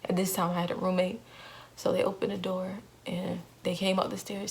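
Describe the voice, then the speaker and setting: A woman's voice: lowish voice, level tone, fairly quick, gravelly, a little hiss or hum. A young woman vlogger telling a painful personal story in an earnest way, repeating phrases for emphasis.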